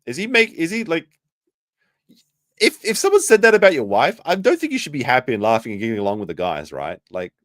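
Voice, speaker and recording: A man hosting a commentary stream, reacting sarcastically to a clip, jumping between loud outbursts and muttered asides. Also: a little high, wildly swooping pitch, fast, dry recording, clean studio sound.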